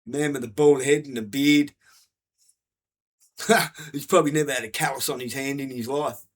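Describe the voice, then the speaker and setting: A man's voice: mid-range voice, steady tone, normal speed. A man giving a blunt, profane, repetitive rant to camera. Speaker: vlogger.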